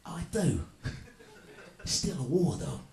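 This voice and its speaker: A man's voice: on the high side, huge pitch swings, slow pace, darkish tone, pitched above the performer's own voice, heavily acted. A man doing a brash action hero. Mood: defiant. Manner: swaggering, cursing, menacing. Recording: roomy club with audience laughter.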